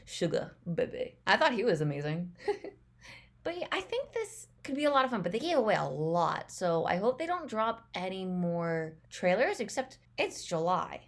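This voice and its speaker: A woman's voice: medium pitch, sing-song. Chatty young woman reacting to a trailer. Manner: chatty, rambling, quick to laugh. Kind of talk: casual reaction commentary.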